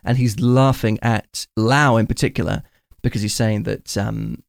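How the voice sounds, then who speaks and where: Male podcast host, gravelly, enthusiastic film buff, dry close sound. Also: fairly low pitch, steady tone, moderate pace, no room sound. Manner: enthusiastic, retells scenes at length. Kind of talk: casual film discussion.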